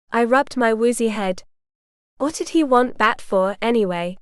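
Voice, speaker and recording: Woman reading a first-person audiobook, wry quippy delivery, highish smooth voice. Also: animated, unhurried, dry recording, clean studio sound. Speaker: audiobook narrator.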